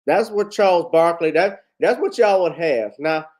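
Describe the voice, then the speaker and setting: Male livestream host, fairly high voice, blunt, indignant, foul-mouthed. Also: normal speed, a little mellow. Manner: indignant and blunt, swears freely. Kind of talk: heated commentary.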